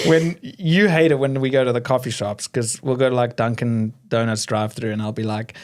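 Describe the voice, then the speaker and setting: A man's voice: mid-range voice, normal speed. A man from South Africa with a South African accent, co-hosting a podcast, telling a story in casual chat and laughing at himself often. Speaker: podcast co-host.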